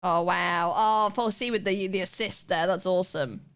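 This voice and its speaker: A woman's voice: lowish voice, normal speed, a bit bright, clear, resonant tone. A woman streamer chatting casually and laughing as she reacts to clips. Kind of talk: casual live-stream chat.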